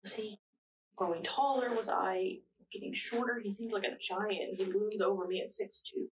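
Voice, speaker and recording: A young woman acting a shaken narrator in a dramatic monologue, speaking slowly and haltingly with long pauses. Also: medium pitch, steady tone, close to an everyday voice. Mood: haunted. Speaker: narrator recounting her own ordeal. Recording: distant mic with faint noise.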